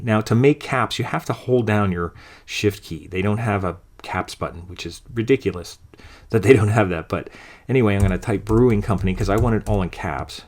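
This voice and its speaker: A man teaching a design software lesson over a screen recording, talking through each step in a relaxed, thinking-aloud way. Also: on the low side. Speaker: design instructor.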